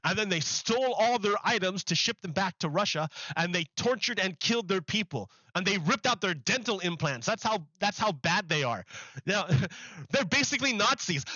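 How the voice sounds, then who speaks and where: A man's voice: high-pitched, animated, normal speed, bright, forceful tone, no room sound, dull audio. A man hosting a stream, giving profane, sarcastic, heated commentary on clips. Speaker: streamer host. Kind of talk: ranting commentary over clips.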